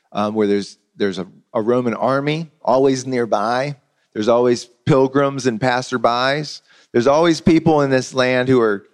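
A man preaching a sermon in a conversational, storytelling way, often repeating words as he goes. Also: mid-range voice. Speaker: pastor.

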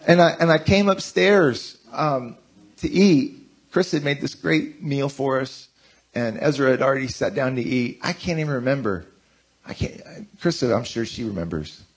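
Male pastor, 40s, casual sermon; husky voice, very lively swings of pitch, self-mocking anecdotes. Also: normal speed. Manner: animated, self-mocking storytelling. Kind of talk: conversational sermon.

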